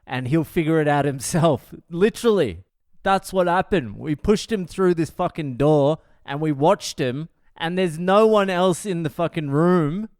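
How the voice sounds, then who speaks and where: A man's voice: on the high side, a little slow, no echo, clean studio sound. Wry, foul-mouthed man spinning a comic story. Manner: profane, wry and deadpan, with lots of swearing. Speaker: comedian podcast host.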